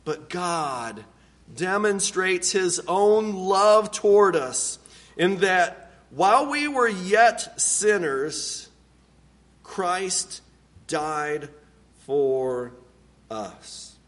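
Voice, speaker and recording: A man preaching a sermon, earnest and deliberate, dropping to a hushed low voice on key words. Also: expressive. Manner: unhurried, deliberate delivery with pauses. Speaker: pastor.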